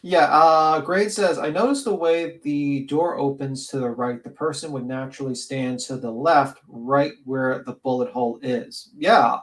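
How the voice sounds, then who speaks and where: A man's voice: medium pitch, low-quality recording. Sniffly man reading out legal definitions. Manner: reads out legal definitions with halting restarts, swears casually. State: stuffed-up nose, sniffling. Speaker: panel host. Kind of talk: casual panel discussion.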